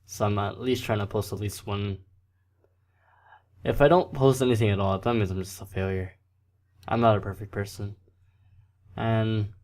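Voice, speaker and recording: A man's voice: lowish voice, darkish tone. A man hosting a let's play, reading a visual novel aloud with casual, self-deprecating asides and frequent stumbles over words.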